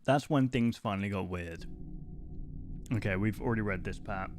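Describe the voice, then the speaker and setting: A man's voice: normal speed, noisy background. Casual man reading aloud on stream. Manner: reads in a low voice, breaks off into casual asides. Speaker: streamer reacting to a horror series. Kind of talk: live-stream reaction, reading text aloud.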